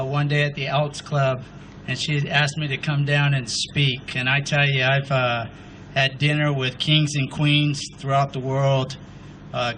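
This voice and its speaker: A man's voice: medium pitch, fairly bright tone, slight background noise, poor audio. A veteran in his fifties speaking at a memorial ceremony, humble, a little nervous and emotional. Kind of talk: ceremony speech.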